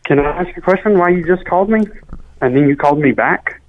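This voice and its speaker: A man's voice: on the high side, fast talker. A man taking a phone call, suspicious, terse and insistent. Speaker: prank call target. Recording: tinny phone line.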